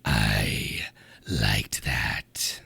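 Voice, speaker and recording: A man's voice: very slow, gravelly, bright, forceful tone, husky, dry recording, exaggerated voice. A man voicing a whispering demon shield. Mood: tempting. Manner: deep and whispery, tempting. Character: sinister male demon spirit in a shield.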